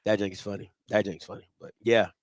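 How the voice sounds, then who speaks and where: A man co-hosting a casual sports talk show, animated and repeating himself as he laughs. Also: lowish voice, fairly quick, no room sound. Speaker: podcast co-host.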